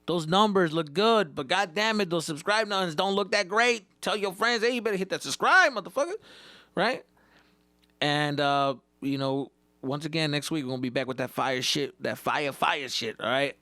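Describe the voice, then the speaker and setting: A man's voice: a little high, moderate pace, dry recording. Man, comedian podcast host, casual profane storytelling, Spanish words mixed in, dry close sound. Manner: animated, swears constantly, mixes in Spanish.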